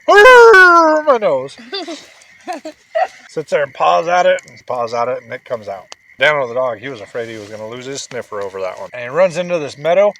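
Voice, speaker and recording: A man's voice: medium pitch, rough recording. Dad camping vlog guy, outdoors by a lake, playful storyteller, faint background noise. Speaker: father and vlog host. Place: outdoors at a lakeside campsite.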